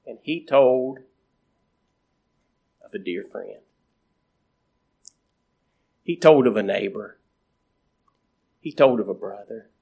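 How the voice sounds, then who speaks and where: A man preaching a sermon in a slow, repetitive cadence, with emphatic rises and phrase endings that trail off quietly. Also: fairly low pitch, vocal fry, slightly rough.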